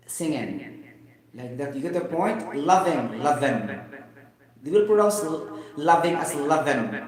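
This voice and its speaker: Echoey Filipino man teaching English. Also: medium pitch. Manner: repeats "you get the point", chuckles, mixes in Tagalog. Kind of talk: informal teaching talk. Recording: very echoey room.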